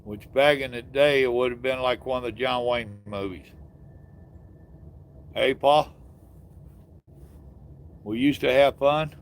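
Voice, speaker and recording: Folksy older man with a gravelly voice. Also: medium pitch, slow pace, pauses often. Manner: folksy, drawling, chatty with viewers. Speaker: live stream host. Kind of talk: casual live stream chat. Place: outdoors in the evening.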